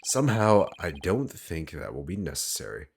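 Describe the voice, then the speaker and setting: A man's voice: deep voice, very animated, normal speed, vocal fry, slight background noise, voice pushed up, heavily acted. A man reading an earnest young lawyer. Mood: flustered.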